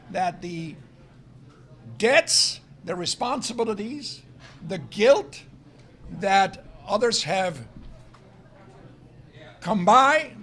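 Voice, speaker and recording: A man giving a public lecture, arguing his points forcefully and leaning hard on key words. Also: high-pitched. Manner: emphatic, argumentative, stresses key words. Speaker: guest lecturer. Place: restaurant event room.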